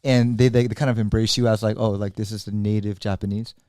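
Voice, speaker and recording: A man's voice: on the low side, flat delivery, fast, dark tone, dry recording, studio quality. A man hosting a podcast, asking loose, slangy questions full of "like.". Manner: laid-back, slangy, filler-heavy questions. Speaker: podcast host. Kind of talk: casual interview.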